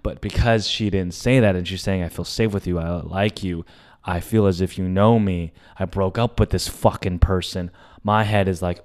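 A young adult man hosting a podcast, telling a candid story, animated, swearing often and acting out the lines of the people in it. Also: low voice, moderate pace. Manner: animated, swears often, acts out his own and others' lines. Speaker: podcast host.

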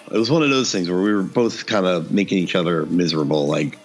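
A man's voice: low voice, animated, quick pace, faint music behind. A man casually telling a funny story on a podcast, acting out the dialogue and laughing often.

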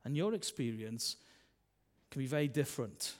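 A man, a minister preaching a sermon in a chatty style, full of tag questions and swings between loud and soft. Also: medium pitch, lively intonation, normal speed.

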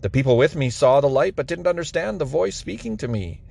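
A man's voice: fairly high pitch, lively intonation, fairly quick, gravelly, darkish tone, heavily acted. A man reading the apostle Paul's speech as earnest first-person testimony. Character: the apostle Paul, an earnest man defending himself.

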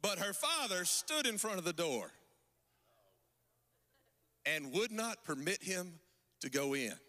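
Male pastor with a high, piercing voice, sing-song preaching cadence, long hall reverb. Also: sing-song, slow, bright, forceful tone. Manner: preachy, sing-song cadence with frequent call-outs to the congregation. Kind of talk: sermon.

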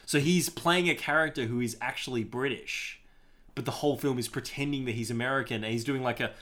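Man, podcast co-host, bright voice, medium pitch, animated, casual film chat. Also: brisk. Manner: animated, enthusiastic, with frequent fillers.

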